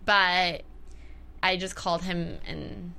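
A woman co-hosting a casual chat, talking fast and acting out scenes in quoted voices. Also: lowish voice, steady tone, gravelly, bright, forceful tone, a little hiss or hum. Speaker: co-host.

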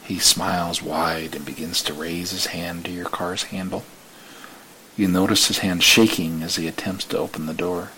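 A man narrating a story in the second person in a slow, hushed way that sometimes drops to a whisper. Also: deep voice, steady tone, low-quality recording.

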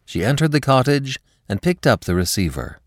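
A man narrating a classic short story for an audiobook podcast in a measured, expressive style. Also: mid-range voice, no room sound, clean studio sound.

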